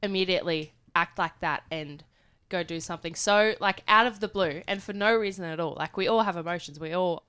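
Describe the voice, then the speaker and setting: A woman co-hosting a podcast, telling a personal story in an animated, casual way. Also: fairly low pitch, a little fast, hardly any pauses, clean tone. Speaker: podcast co-host.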